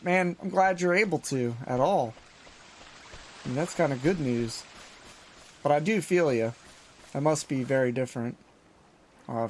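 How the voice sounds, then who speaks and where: Enthusiastic streamer, slightly high voice. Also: male voice, slight background noise. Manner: enthusiastic, chatting with viewers. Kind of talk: casual gameplay commentary.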